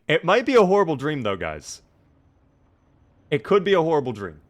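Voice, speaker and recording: A man streaming a game live, commenting in an animated, jokey way and talking to his chat. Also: on the high side, no echo.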